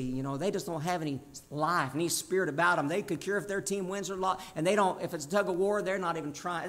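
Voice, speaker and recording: A man in his sixties from Tennessee with a Southern accent, preaching a sermon in a folksy, emphatic way with self-deprecating humor. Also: high-pitched. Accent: Southern American. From Tennessee, USA. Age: 60s.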